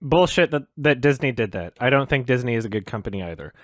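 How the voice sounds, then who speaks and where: A man hosting a reaction video, ranting in an exasperated, sweary way, swinging between loud outbursts and low sarcastic muttering. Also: expressive, fast, no echo, clean studio sound. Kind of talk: ranting commentary.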